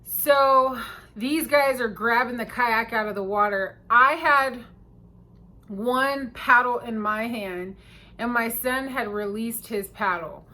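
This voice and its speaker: A woman with a fairly high voice tells a story in a casual storytime vlog. She delivers it in an animated, emphatic way, getting loud at the tense parts and dropping to a hush at others. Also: slow. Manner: animated, emphatic, swings between loud and hushed.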